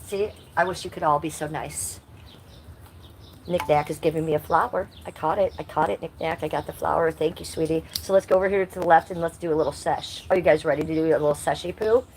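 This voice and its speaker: A woman in her fifties reads her livestream chat aloud, swearing bluntly at rude commenters and slipping into sing-song baby talk for her cat. Her voice is low, steady and darkish, and she talks fast. A little hiss or hum sits in the recording.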